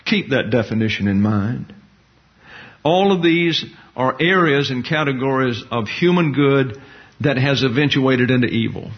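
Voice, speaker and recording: A man's voice: mid-range voice, measured pace. Folksy preaching man, dull lo-fi recording. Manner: folksy, jokey asides with acted-out quotes. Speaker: pastor-teacher. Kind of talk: sermon. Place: church hall with a congregation.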